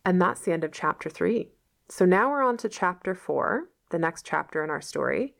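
A woman's voice: fairly low pitch, expressive, normal speed, creaky. A woman reading a novel aloud and patiently explaining old words in casual asides, as a teacher.

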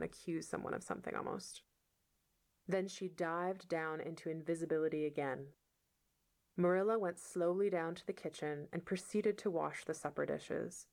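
A woman reading a novel aloud as a teacher, pausing for patient explanations of words. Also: low voice, vocal fry, a little mellow. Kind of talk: read-aloud lesson explaining vocabulary.

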